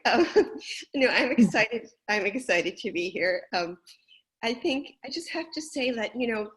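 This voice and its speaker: Woman, author guest, slightly high voice, excited, informal, video call. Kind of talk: casual interview on video call.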